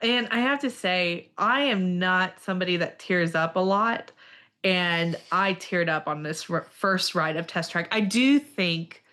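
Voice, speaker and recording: A woman's voice: on the low side, measured pace. A woman co-hosting a podcast, chatting casually and agreeably. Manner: warm agreeable, frequent short affirmations. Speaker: podcast co-host. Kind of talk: casual chat.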